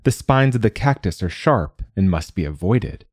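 A man doing a calm, sharp-tongued boy monk. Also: low voice, normal speed, no room sound, studio quality, heavily acted. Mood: cool. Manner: still, clear, cutting.

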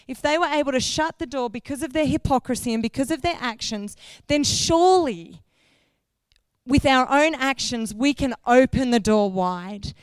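A woman's voice: high-pitched, smooth, no echo. Woman, sermon, chatty, self-correcting, dry close sound. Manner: conversational, asks the congregation questions; loses her place, corrects herself mid-sentence. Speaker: guest preacher.

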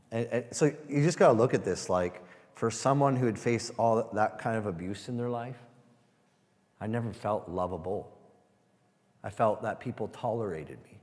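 A man giving a sermon testimony, halting and repeating words as he speaks to a church. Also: fairly low pitch, a little mellow, long reverb tail. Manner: halting, repeats words, asks the room "Amen?".

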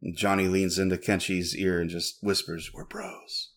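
A man's voice: low voice, moderate pace, noisy background. A man co-hosting a podcast, chatting casually and telling jokey stories. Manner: jokey, animated storyteller. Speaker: podcast co-host. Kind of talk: casual chat.

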